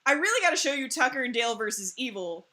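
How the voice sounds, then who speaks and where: A woman with a high, bright voice chats casually on a live stream, her pitch swinging widely. She laughs a lot and swears freely. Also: very animated, quick pace.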